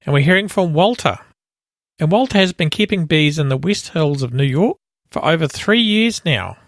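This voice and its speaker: A man co-hosting a beekeeping podcast in casual chat, relaxed and often restarting his sentences. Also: a little high, moderate pace, no room sound, clean studio sound. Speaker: podcast co-host.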